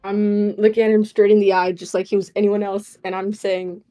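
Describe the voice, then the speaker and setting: A woman's voice: medium pitch, level tone, a little fast, mellow. A woman playing in a tabletop game, talking playfully and hesitantly, often laughing. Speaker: player.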